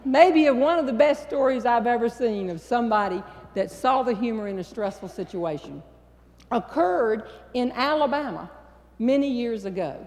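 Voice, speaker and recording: High-voiced Southern woman telling stories onstage. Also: darkish tone. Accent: Southern American. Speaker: humorist. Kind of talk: stage storytelling to an audience. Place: large hall before a live audience. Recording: long reverb in a large hall.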